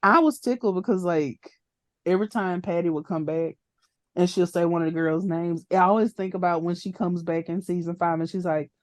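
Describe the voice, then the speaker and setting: A woman co-hosting a podcast, chatting casually about a TV episode as an animated, playful storyteller who laughs often. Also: on the low side, fairly quick, no echo, studio quality. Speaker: podcast co-host.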